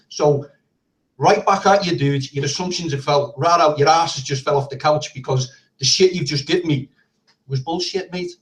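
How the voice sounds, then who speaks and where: A man's voice: fairly high pitch, moderate pace. Combative man, argumentative, distant mic. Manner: combative, repetitive, swearing. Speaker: participant in online group call. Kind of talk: heated argument.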